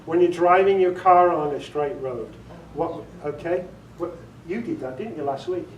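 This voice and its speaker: A man's voice: a little high, moderate pace, dull audio, over a noisy crowd. Chatty man in echoey room. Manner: chatty, self-amused, often laughs, demonstrates inflections. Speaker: audiobook narrator giving a workshop talk. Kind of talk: casual workshop talk. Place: meeting room before a group. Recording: echoey room, recorded from far off.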